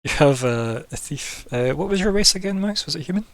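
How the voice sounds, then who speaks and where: A man's voice: fairly high pitch, lively intonation, a little fast, a bit bright, no echo. Casual male game master, asks players for their moves, laughs a lot, dry close mic. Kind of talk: narrating a tabletop game.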